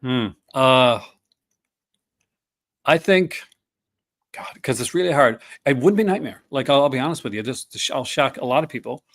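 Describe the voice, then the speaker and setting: A man's voice: medium pitch, animated, normal speed, long pauses. A man in his fifties hosting a casual chat, rambling with many fillers and restarts. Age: 50s. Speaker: podcast host.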